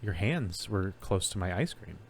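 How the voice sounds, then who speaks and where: A man's voice: low voice, expressive, normal speed, slight background noise. A man co-hosting a casual podcast, making self-mocking jokes and rambling asides. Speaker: podcast co-host. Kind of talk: casual chat.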